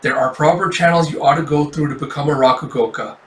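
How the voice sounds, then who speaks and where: A man's voice: a little high, quick pace, reverberant, far from the mic, lightly acted, low-quality recording. A man voicing a flustered rakugo master who rehearses overly sweet greetings. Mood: stern. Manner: theatrical, overly sweet address.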